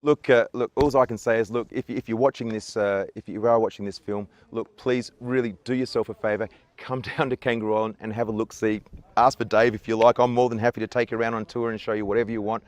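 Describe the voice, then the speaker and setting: Tour guide, man in his forties, broad Australian accent, lowish voice, relaxed chatty delivery, dry close sound. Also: fast talker, dry recording. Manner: easygoing, chatty, many "uh" fillers and self-restarts, jokey. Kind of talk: outdoor tour chat to camera. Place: outdoors on coastal rocks.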